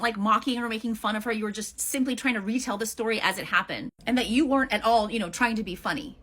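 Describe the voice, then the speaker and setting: A woman's voice: a little high, fairly bright tone, breathy edge. A woman answering a critic in a heated response video, blunt and confrontational, swearing freely.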